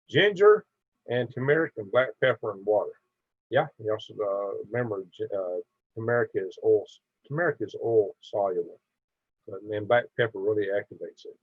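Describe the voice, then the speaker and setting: A man's voice: on the low side, moderate pace, breathy edge, dry recording, phone-quality sound. A middle-aged man hosting a casual live stream, reading viewer comments aloud in a chatty, tired way. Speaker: livestream host.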